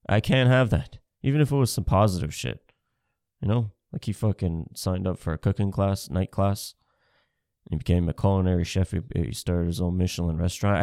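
A man's voice: fairly low pitch, darkish tone, dry recording, clean studio sound. A man in his thirties doing a rambling, profane, self-mocking stand-up comedy set. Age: 30s.

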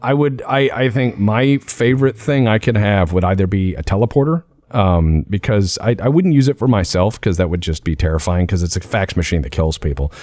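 A man hosting a podcast in casual chat, talking in an animated way and jumping between ideas. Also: lowish voice, brisk, hardly any pauses, dry recording, clean studio sound. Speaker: podcast host.

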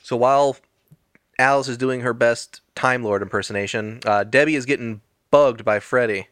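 A man casually recapping a movie plot with wry, deadpan jokes, as a podcast co-host. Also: mid-range voice, moderate pace, clear, resonant tone, no echo, studio quality.

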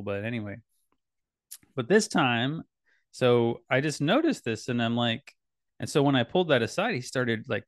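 A man's voice: on the low side, dry recording, studio quality. A father in casual talk, telling a family story in a rambling way, correcting himself often and laughing now and then. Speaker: podcast host and dad.

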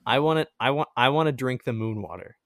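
A man's voice: mid-range voice, fast, fairly bright tone, no room sound. A man hosting a podcast in casual chat, rambling and chatty, often laughing. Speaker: podcast host.

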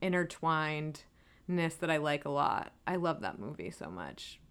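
A woman's voice: deep voice, big pitch swings, a little slow, smooth. A woman co-hosting a podcast, chatting casually and enthusiastically about old films, with lots of "like" fillers. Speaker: podcast co-host. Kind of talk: casual film discussion.

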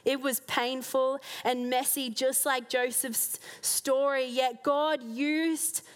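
A woman giving a heartfelt personal faith testimony to a church gathering, earnest and sincere, with soft laughs now and then. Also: high-pitched, little pitch movement, slow.

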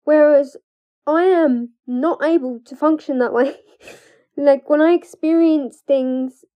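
High-voiced woman, candid and emotional. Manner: candid, emotional, halting, with nervous laughs. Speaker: trauma coach. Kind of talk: confessional personal vlog. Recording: dull lo-fi recording.

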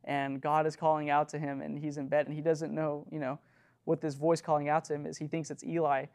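A young man delivers an earnest, chatty sermon to a youth group. He talks casually, with lots of "you know" fillers and quick nervous laughs. His voice sits a bit high and has some vocal fry. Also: little pitch movement, darkish tone. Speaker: youth leader preaching.

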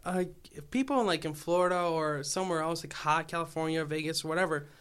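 A young man with a Chicago accent rambles through a laid-back podcast chat, full of swearing and "like." His voice sits a little high and comes across smooth and resonant. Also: a little fast, fairly bright tone. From Illinois. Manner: rambling, swears a lot, lots of "like". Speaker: podcast host. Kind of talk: casual chat.

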